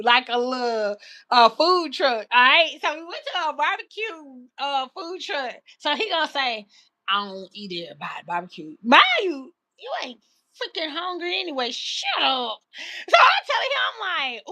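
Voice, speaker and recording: A high, bright-voiced woman, chatting to her livestream viewers. She spins a story in a lively, exasperated way, voicing everyone involved. Her voice rings with a sharp, forward tone. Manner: animated, exasperated retelling with quoted dialogue.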